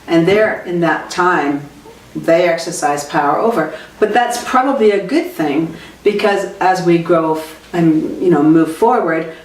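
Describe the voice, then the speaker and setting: A middle-aged woman, a sales trainer, talking reflectively in a podcast monologue, often correcting herself mid-sentence. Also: fairly low pitch. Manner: reflective, conversational, with self-corrections. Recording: roomy, distant from the mic.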